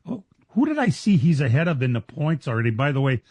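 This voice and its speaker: A man hosting a racing talk radio show, chatting casually and excitedly with frequent laughs and restarts. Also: on the high side, fast talker, dry recording.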